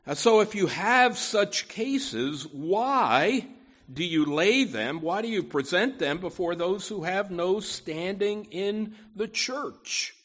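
A man's voice: high voice, expressive, slow pace, fairly bright tone. A man preaching a sermon, emphatic, often adding "you know" asides, with words that swell and drop.

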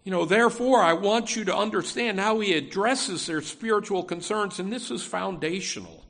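A male pastor delivers a sermon in a loose, conversational way, peppering his talk with "you know." His voice sits a bit high and has a gravelly edge. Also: expressive, normal speed, fairly bright tone. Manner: conversational preaching with frequent "you know" and restarts.

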